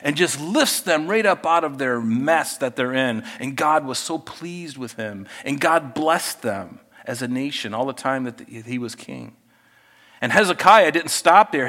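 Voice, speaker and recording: A middle-aged male pastor preaching a sermon, his voice sitting a little high for a man. He talks to the congregation in an easy, conversational way and keeps putting questions to them. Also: a bit bright.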